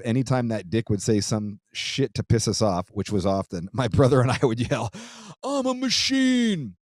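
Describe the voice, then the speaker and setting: A man's voice: fairly low pitch, dark tone, no room sound, studio quality. A man hosting his podcast, chatting casually and reading a listener's letter, loose and profane, laughing easily with frequent restarts. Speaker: podcast host.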